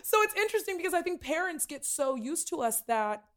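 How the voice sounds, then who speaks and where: A woman hosting a casual podcast chat, animated and laughing often, slipping into playful character voices. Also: high voice, a little fast. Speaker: podcast host.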